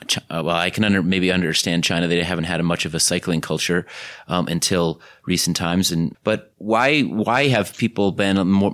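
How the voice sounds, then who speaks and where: Low-voiced hesitant male interviewer. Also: a bit bright. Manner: hesitant, curious questioning. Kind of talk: casual interview question.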